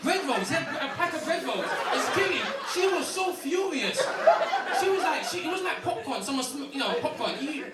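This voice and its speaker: A young man doing a stand-up set, animated and full of slang and swearing. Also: very high-pitched, a little fast, far from the mic, over a noisy crowd, heavy background noise. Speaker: stand-up comedian. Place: comedy club stage with a laughing audience. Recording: roomy club sound, audience roar.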